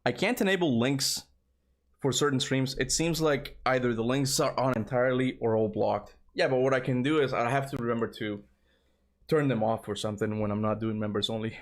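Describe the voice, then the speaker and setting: A man in his thirties chatting casually with viewers during a game livestream, excitable and talking straight to his chat. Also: mid-range voice, a little fast. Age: 30s. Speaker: streamer.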